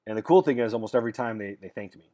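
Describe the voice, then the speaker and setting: A man's voice: fairly low pitch, rapid-fire, mellow. A man who works as a dating coach, talking casually to his viewers. He is blunt and straight-talking, and he rambles through his stories and restarts his sentences with repeated words. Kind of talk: casual monologue to camera.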